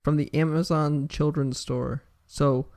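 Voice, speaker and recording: Male co-host, gravelly, loose and profane casual banter. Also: a little high, fairly even intonation, measured pace, a little mellow. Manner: swearing, rambling, jokey. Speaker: podcast co-host. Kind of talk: casual chat.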